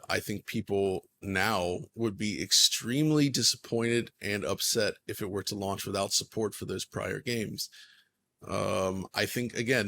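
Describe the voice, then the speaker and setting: A man's voice: fairly low pitch, fairly bright tone, slight background noise. A man co-hosting a casual panel chat about games, talking in long run-on thoughts. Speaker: co-host.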